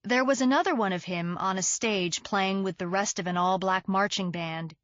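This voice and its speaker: A woman's voice: medium pitch, normal speed, dry recording. Woman narrator, first-person thriller audiobook, dry close mic, slightly dull. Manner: even, first-person storytelling. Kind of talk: scripted narration. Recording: dull dry studio recording.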